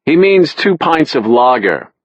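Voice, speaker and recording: A man voicing an aloof, superior man who speaks slowly and with dry sarcasm. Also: a little high, very animated, no room sound, muffled recording, voice pushed up, heavily acted. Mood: sarcastic. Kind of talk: audiobook character voice.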